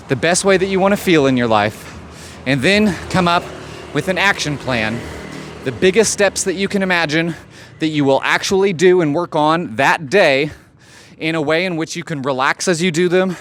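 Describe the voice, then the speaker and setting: Blunt, profane motivational coach, outdoors. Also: male voice, fairly high pitch, fairly bright tone. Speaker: life coach. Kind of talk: motivational monologue. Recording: faint street noise behind.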